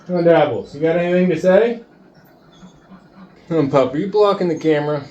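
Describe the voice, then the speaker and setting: A man's voice: fairly high pitch, fairly quick, highs cut off. A man on a homestead talking casually and soothingly to his chickens and dog in the coop on a winter day. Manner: gentle, coaxing, soothing talk to animals. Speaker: homesteader vlogger.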